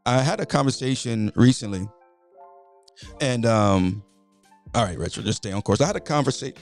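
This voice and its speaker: A man's voice: mid-range voice, lively intonation, moderate pace, vocal fry, soft background music. A middle-aged man hosting a morning inspiration livestream, preacherly and casual, greeting viewers by name and repeating his phrases.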